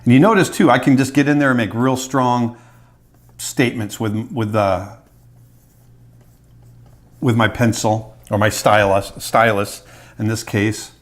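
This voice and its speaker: A man's voice: mid-range voice, fairly even intonation, measured pace, pauses often. A middle-aged man, an animator, casually talking through his drawing as he sketches, thinking aloud. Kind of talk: drawing tutorial narration.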